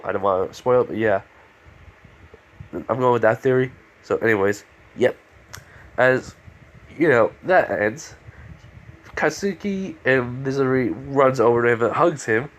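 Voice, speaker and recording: A man's voice: mid-range voice, a bit bright. Rambling stuffy-nosed young man. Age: late teens. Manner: rambling, many fillers. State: stuffy nose. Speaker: fan-fiction storyteller. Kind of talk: casual fan-fiction narration.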